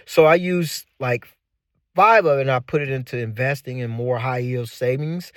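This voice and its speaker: A man in his forties telling his own story in a casual, animated way, giving advice and repeating points for emphasis. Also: mid-range voice, moderate pace, dry recording, clean studio sound. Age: 40s. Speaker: channel host.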